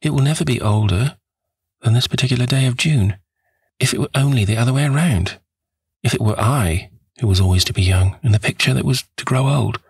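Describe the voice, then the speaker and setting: A man reading a novel aloud, voicing a vain young man who despairs over losing his youth, in a pleading, husky voice. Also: mid-range voice, dry recording, studio quality, pitched above the performer's own voice.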